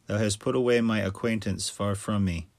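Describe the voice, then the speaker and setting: Male scripture reader, solemn and measured; low voice, close dry sound. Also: no echo. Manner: measured, steady reading cadence.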